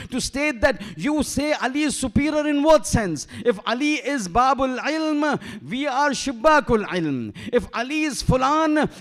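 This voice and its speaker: A shaykh preaches in a mosque with a strikingly high-pitched male voice. He presses his points with rhetorical questions and drops in Arabic terms and verses as he goes. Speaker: shaykh giving a majlis lecture. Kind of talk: sermon.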